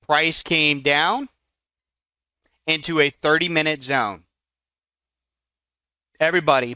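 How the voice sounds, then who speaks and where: Forties guy teaching a live trading room, bright punchy voice, smooth, gets all excited and chatty. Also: a little high, no room sound, studio quality. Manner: excitable and chatty, breaks off to manage trades. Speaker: trading educator.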